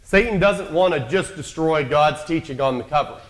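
A man's voice: a little high, normal speed. A man preaching a sermon in a conversational, storytelling way, acting out quotes from the characters he describes.

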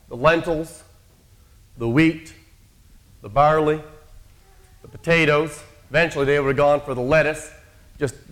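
A man preaching a sermon in a conversational, storytelling way, acting out quotes from the characters he describes. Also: fairly high pitch.

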